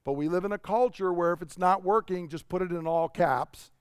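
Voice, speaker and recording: A man's voice: high voice, fairly quick, clean tone, dry recording, clean studio sound. A man giving a sermon in a conversational storytelling way, asking the congregation rhetorical questions. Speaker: pastor.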